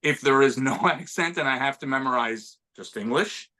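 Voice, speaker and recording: A man's voice: mid-range voice, moderate pace, bright, forceful tone. A middle-aged man from Montreal, an actor chatting as an interview guest, self-deprecating and full of restarts. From Montreal, Canada. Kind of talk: casual interview conversation.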